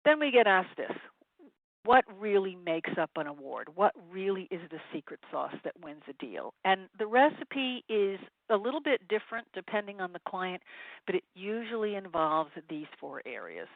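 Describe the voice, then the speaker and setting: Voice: medium pitch, sing-song, moderate pace, gravelly, no echo. Advisor on a tinny webinar line. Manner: direct advice to sales teams, frequent "um" fillers. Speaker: sourcing advisory consultant presenting a webinar. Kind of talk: webinar presentation. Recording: tinny phone-line webinar audio, dry.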